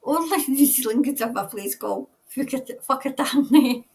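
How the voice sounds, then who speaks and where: A woman's voice: high voice, big pitch swings, normal speed, vocal fry, darkish tone, recorded from a distance. A Scottish woman hosting a casual live stream as a tarot reader, chatting loosely, laughing often and greeting viewers by name. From Scotland.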